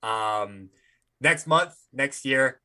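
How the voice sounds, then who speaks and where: A man co-hosting a podcast with blunt, sarcastic humor and the odd curse. His pitch moves a lot as he talks, and his voice is bright and forceful. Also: animated, extremely slow. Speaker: podcast co-host. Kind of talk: casual chat.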